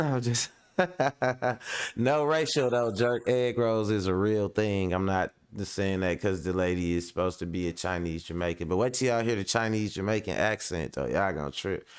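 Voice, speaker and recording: A man with a low, smooth, resonant voice hosts a casual live-stream commentary. He rambles in loose slang and laughs a lot. He sounds slightly under the weather.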